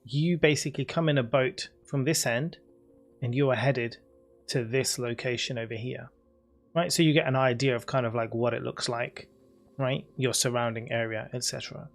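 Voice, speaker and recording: A man's voice: mid-range voice, steady tone, normal speed, vocal fry, faint music behind. Easygoing British man running a game. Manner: chatty and easygoing, reads descriptions steadily then chats loosely. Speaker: game master. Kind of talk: running a tabletop game, reading adventure text.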